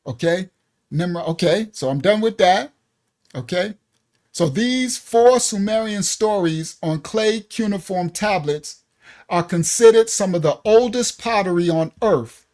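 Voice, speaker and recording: A man giving an excited Bible lesson. He gets loud as he talks and keeps checking in with his listeners. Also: high voice. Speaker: Bible teacher. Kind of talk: excited teaching talk.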